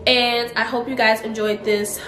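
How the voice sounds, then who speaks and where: A young woman telling a story to her vlog viewers in a casual, animated way, laughing often and acting out quotes. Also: fairly high pitch, moderate pace, echoey room, music in the background. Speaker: vlogger.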